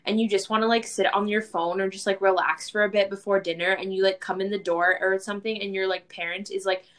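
A woman's voice: medium pitch, steady tone, fast, fairly bright tone. A woman in casual chat, talking loosely with many "like" fillers and quoting people. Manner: chatty, lots of "like" fillers, quotes people.

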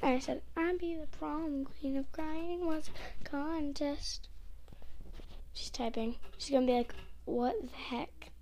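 A woman's voice: sits high, a little mellow, slight background noise. A young woman vlogging casually, reading her text messages aloud and sometimes dropping to a whisper. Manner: reads texts aloud slowly, giggly, drops to whispers. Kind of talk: casual narration while texting.

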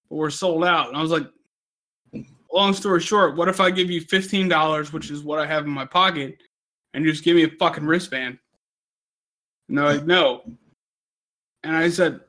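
A man's voice: a little high, bright, forceful tone. A man telling a rambling, profane story on a podcast, drunk and laughing through his own anecdote. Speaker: podcast co-host.

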